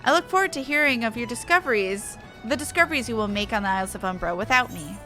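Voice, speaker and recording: A woman's voice: fairly high pitch, lively intonation, fast talker, sharp tone, soft background music. A woman voicing a haughty, fussy female scholar in a video game, with formal, archaic phrasing, reading the dialogue aloud. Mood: grudging.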